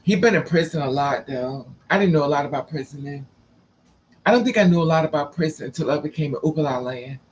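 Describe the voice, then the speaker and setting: A man's voice: on the high side, lively intonation, fast talker, slight background noise. A man telling stories in a sassy, camp, dramatic way, acting out the people he quotes. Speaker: storyteller. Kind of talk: casual storytelling monologue.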